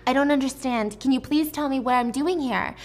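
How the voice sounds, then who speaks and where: A woman's voice: on the high side, fairly even intonation, fast talker, natural voice. A woman voicing a frightened young woman who pleads anxiously for answers. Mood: pleading.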